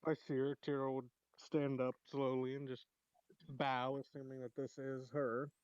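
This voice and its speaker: A man's voice: mid-range voice, little pitch movement, a little slow, a little mellow, clean tone, dry recording, lo-fi sound. A man playing a tabletop role-playing game, hesitantly describing what his character does, with many fillers. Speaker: player.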